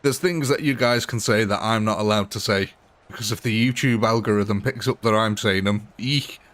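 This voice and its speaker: A man's voice: fairly low pitch, moderate pace, a bit bright. A man live-streaming a game, chatting casually, answering viewers' comments and laughing often. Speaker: gaming livestreamer.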